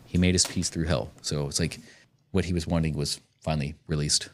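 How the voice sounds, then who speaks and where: A man's voice: rumbling low, steady tone, brisk. A man co-hosting a casual movie review podcast, talking in a loose, rambling way and swearing now and then. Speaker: podcast co-host.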